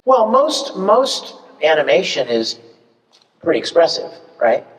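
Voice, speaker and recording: Animated man telling stories at a fan panel. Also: fairly high pitch, unhurried. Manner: animated, acts out examples with big swings. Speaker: guest voice actor on a fan panel. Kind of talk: convention panel storytelling. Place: convention panel room. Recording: echoey convention hall, mic far off.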